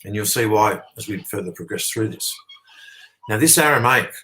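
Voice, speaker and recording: An Australian man with a fairly low, grounded voice talks at length as an interview guest, hammering his points with stress on key words and leaning on "sort of." He keeps stopping to ask "okay?" before carrying on through his long explanation. His tone is expressive and sharp, though the audio quality is poor.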